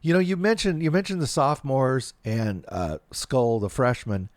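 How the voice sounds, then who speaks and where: A man's voice: medium pitch, moderate pace, dry recording. A man hosting a basketball podcast, asking easygoing, conversational questions. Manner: conversational, asks leading questions. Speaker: podcast host. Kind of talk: casual podcast interview.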